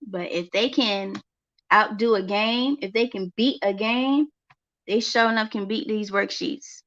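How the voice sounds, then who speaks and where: A woman's voice: medium pitch, a little slow, fairly bright tone. A woman, a homeschooling mother, chatting casually on a vlog and repeating phrases for emphasis. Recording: dull lo-fi recording.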